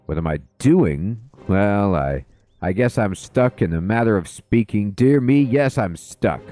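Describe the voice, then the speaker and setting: A man voicing a fussy, posh bearded dwarf gentleman who talks in plummy upper-class slang, in a video game. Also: on the low side, lively intonation, measured pace, soft background music.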